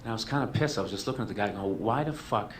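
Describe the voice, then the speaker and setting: A man's voice: fairly low pitch, lively intonation, rapid-fire, a little hiss or hum. A male comedian telling a long story as a talk show guest. He rambles, swears freely and mocks himself. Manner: profane, rambling, self-mocking.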